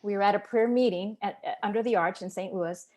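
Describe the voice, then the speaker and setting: A woman's voice: medium pitch, fast, mellow. A woman guest in an interview, recounting a personal testimony in an earnest, emotional storytelling manner. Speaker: podcast guest.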